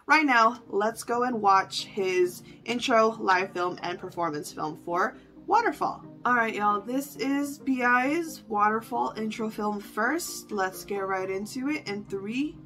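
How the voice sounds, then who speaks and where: A woman's voice: fairly high pitch, lively intonation, slow, pushed and bright. A young woman hosting a reaction channel, chatting casually and gushing with emotional exclamations. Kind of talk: casual reaction video chat. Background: faint music.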